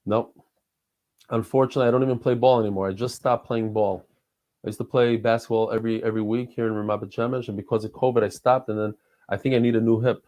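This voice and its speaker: He talks quickly at a medium pitch, his tone level and dark. A forties-aged man from New York and Israel, he's a podcast guest in casual conversation, rambling through heartfelt stories and restarting often.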